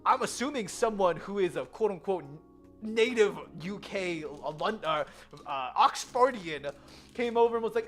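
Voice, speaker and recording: An American woman telling a story in a casual vlog, animated and giggly. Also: medium pitch, normal speed, faint music behind. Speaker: vlogger. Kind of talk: casual chatty vlog with slides.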